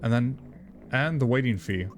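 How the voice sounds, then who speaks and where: A man's voice: mid-range voice, moderate pace, soft background music, lightly acted. A man doing a curt, rude store cashier. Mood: cold.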